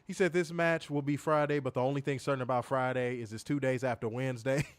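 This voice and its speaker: Fast-talking and steady, a man with a clear, resonant, medium-pitched voice reviews wrestling on a live stream, cursing casually, repeating himself, and reading viewers' comments aloud. The sound is clean studio quality with no room sound.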